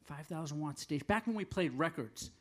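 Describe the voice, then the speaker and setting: A man's voice: on the high side, lively intonation, a little fast. An older man from the northern United States, a singer-songwriter, telling rambling, self-deprecating stories between songs at a live café show.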